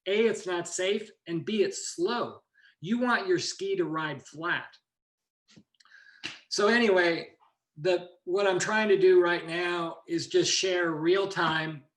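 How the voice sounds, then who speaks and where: Male ki instructor with a higher voice, rambling lecture style, echoey room sound. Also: takes it slowly, fairly bright tone. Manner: loose, digressive, with many restarts. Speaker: ki and meditation teacher. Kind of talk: informal online lecture.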